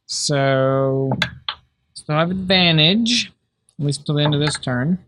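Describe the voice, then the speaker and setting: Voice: medium pitch, unhurried, noisy background. A tabletop player talking brashly and casually, with swearing, as they describe attacks. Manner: brash and profane.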